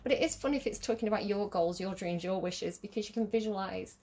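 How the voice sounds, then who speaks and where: Woman tarot reader, casual, chatty, giggly, mid-pitched, lots of ums. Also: fast talker, a little mellow. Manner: chatty, giggly, rambling with many fillers.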